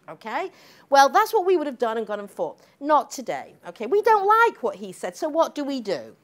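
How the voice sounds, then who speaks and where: A woman's voice: high voice, sing-song, brisk. A middle-aged woman giving a public lecture, emphatic and combative, tagging her points with questions to the audience. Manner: emphatic, combative, frequent "okay?" tags.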